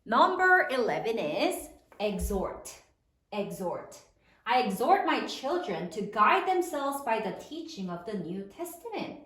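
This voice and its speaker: A woman teacher leading a spelling lesson, slowly sounding out words letter by letter for young pupils. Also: on the high side, big pitch swings, a bit bright. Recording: echoey room, mic at a distance.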